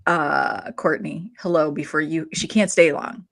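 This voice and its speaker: A woman's voice: sits low, unhurried, creaky, fairly bright tone. A woman co-hosting a live stream, chatting casually and greeting viewers by name in a bubbly way. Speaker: co-host.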